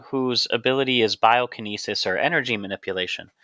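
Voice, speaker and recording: Male physician co-host, bright and forceful tone, dry close sound, steady explainer. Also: mid-range voice, fast, no echo. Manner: steady, explanatory, playfully leads the topic. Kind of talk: casual podcast chat.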